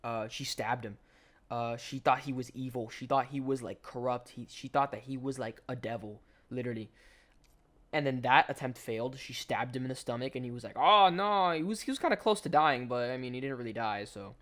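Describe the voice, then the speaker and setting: A man's voice: medium pitch, fairly quick, a bit bright. A young adult man, a gaming commentator, telling a story in a rambling, slangy way, full of restarts over gameplay.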